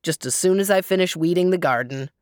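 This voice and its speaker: A woman's voice: lowish voice, a little fast, no echo, studio quality, lightly acted. A woman voicing a practical male trapper farmer who speaks in a matter-of-fact way.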